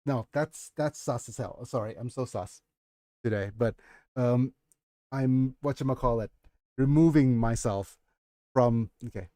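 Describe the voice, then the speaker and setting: A man's voice: medium pitch, measured pace, pauses often, warm tone, dry recording, studio quality. A man with a Nigerian accent reading his own fantasy novel aloud on a livestream, often stopping to comment on it. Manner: breaks off to comment and laugh at himself. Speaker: streamer and author.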